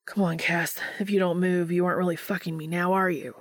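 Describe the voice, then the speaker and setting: A woman voicing an eager, flustered young adult man who talks in breathy, urgent whispers. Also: lowish voice, level tone, brisk, no echo, lightly acted.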